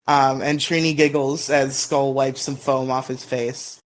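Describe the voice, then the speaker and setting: Rambling podcast co-host recapping episodes. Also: male voice, medium pitch, level tone, measured pace, a little hiss or hum. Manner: rambling, lots of ums, playful mock outrage. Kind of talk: casual recap chat.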